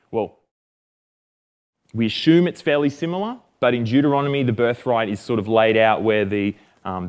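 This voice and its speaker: A man's voice: mid-range voice, a little mellow. A man with an Australian accent giving a casual, jokey Bible lesson, often correcting himself. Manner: chatty and jokey, self-correcting.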